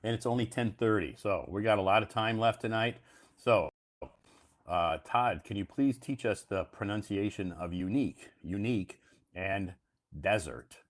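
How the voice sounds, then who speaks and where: A man's voice: fairly low pitch, moderate pace. A man hosting a live stream, explaining English words in a casual, repetitive, emphatic teacher's way.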